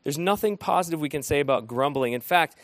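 A man preaching an interactive sermon, animated and often asking his listeners questions. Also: fairly high pitch, quick pace, dry recording. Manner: animated, asks the room questions.

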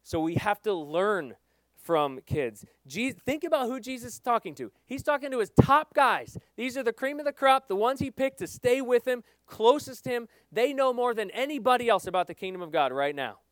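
A middle-aged male pastor preaching with earnest emphasis, swinging between loud stresses and quiet asides. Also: very high voice, lively intonation, normal speed, dry recording. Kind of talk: sermon.

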